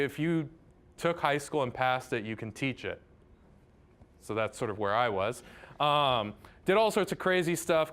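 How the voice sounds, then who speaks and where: A man's voice: on the high side, fairly bright tone, clean tone. A man from Southern California, a math professor giving a chatty, enthusiastic public lecture, often tossing "right?" asides to the audience.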